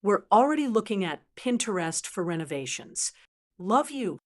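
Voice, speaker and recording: A woman's voice: mid-range voice, big pitch swings, normal speed, lightly acted. A woman voicing a young pregnant granddaughter who talks in a giddy, bubbly way.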